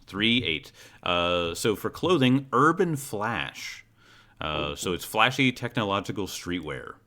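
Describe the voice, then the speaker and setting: A man's voice: fairly low pitch, big pitch swings, slow, pushed and bright. A man running a tabletop role-playing game as game master, talking with many fillers and restarts. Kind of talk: guiding character creation in a tabletop game.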